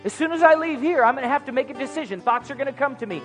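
A man preaching a sermon in a church, animated and acting out little comic dialogues. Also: very high-pitched, very fast. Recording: music under voice, long hall reverb.

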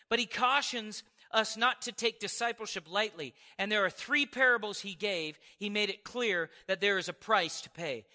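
A man in his forties preaching a sermon to a congregation, animated and storytelling, with chuckles and acted-out quotes. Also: sits high. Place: church service before a congregation.

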